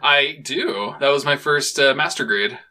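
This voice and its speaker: Bright-toned, easygoing male podcast co-host. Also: mid-range voice, unhurried. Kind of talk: casual chat.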